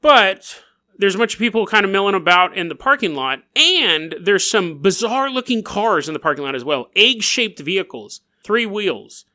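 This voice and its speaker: A bright-voiced man hosts a podcast, spinning a strange tale with a lively, swooping delivery. He giggles through his lines and keeps wandering off on jokey tangents. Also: high voice, moderate pace. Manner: riffs and goes off on tangents. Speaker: podcast host. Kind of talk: comedic storytelling narration.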